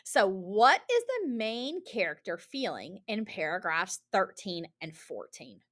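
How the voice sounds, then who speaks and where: Here a female teacher leads a recorded reading lesson for young learners, upbeat and encouraging, with frequent rhetorical questions. She has a medium pitch and a measured pace.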